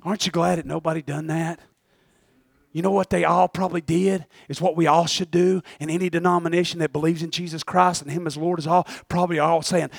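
Fervent male preacher, high and gravelly, with dry close sound. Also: flat delivery, brisk, dry recording. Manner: fervent, with sudden shouted bursts. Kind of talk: sermon.

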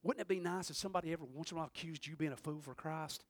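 A man preaching a sermon, who swings between shouting and quiet, intense passages and calls out to the congregation. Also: on the high side, rapid-fire, no room sound, studio quality. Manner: preaches with call-and-response asides to the congregation. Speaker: pastor.

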